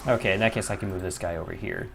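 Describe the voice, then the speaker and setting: A man's voice: sits low, fairly even intonation, racing, gravelly, background noise. A young man commentating his own gameplay, often frustrated, swearing and muttering to himself. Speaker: gaming YouTuber.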